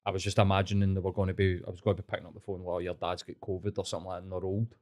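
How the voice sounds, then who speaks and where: A man with a fairly low-pitched voice talks through ideas on a podcast. He explains patiently and casually, with the odd swear. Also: little pitch movement, racing, a little mellow. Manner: explaining, thoughtful. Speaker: podcast guest. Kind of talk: casual chat.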